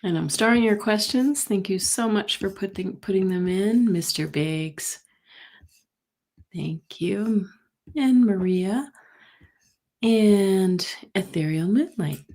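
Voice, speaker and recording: A woman's voice: mid-range voice, measured pace, few pauses, darkish tone. A woman hosting a psychic livestream from home, chatting casually and greeting viewers by name. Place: home in Colorado.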